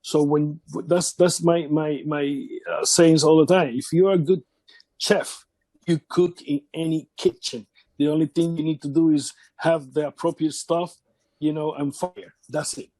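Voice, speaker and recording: Man with a high voice telling wrestling stories. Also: steady tone, mellow, dry recording. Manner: halting, repeats words, acts out quotes of others. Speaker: wrestling veteran interviewee. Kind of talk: casual shoot interview storytelling.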